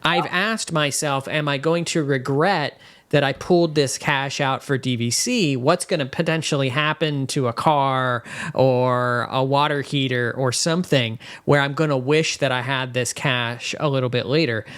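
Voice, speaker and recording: A man's voice: mid-range voice, fairly even intonation, normal speed, a bit bright, clear, resonant tone. Emphatic man co-hosting a chat show. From West Virginia. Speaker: podcast co-host. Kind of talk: casual chat.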